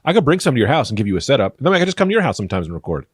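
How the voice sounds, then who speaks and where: A man riffing through an improvised comedy podcast, rambling and deadpan-absurd, speaking into a studio microphone. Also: medium pitch, rapid-fire, breathy edge, no echo. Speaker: podcast co-host.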